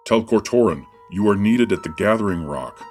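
A man voicing an urgent male villager who calls out loudly in an audiobook, low-pitched, with faint music behind. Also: animated, moderate pace, close to an everyday voice. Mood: urgent shouting. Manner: calling out loudly through a door.

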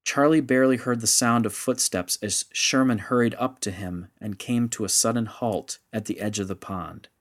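A man narrating a story in a measured, steady audiobook style. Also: fairly low pitch.

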